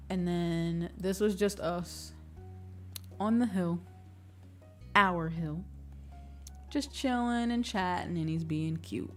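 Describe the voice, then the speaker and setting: A woman streamer in casual chat, laughing often and swearing casually. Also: on the low side. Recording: distant mic with faint music.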